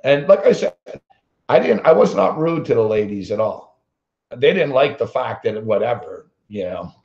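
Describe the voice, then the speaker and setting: A man's voice: lowish voice, warm tone. A man hosting a sports betting show, telling a long story as a blunt, combative rant full of swearing. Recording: roomy, dull lo-fi sound.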